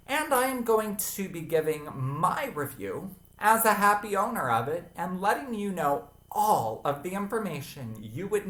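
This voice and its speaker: A man in his late thirties hosting a handbag review vlog, chatty and expressive with sassy, playful asides. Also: a little high, echoey room. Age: 30s. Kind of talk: chatty scripted vlog talk.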